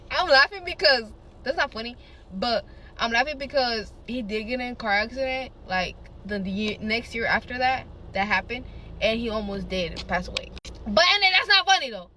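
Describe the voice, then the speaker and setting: Bright-voiced woman telling a foul-mouthed storytime. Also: on the high side, a little hiss or hum. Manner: animated, profane, dramatic. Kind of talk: get-ready-with-me storytime.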